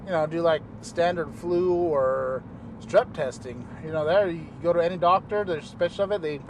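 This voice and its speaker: Driving in his car, a paramedic talks loosely to the camera in a casual vlog monologue, often trailing off with filler words. His voice is on the high side, with noisy background.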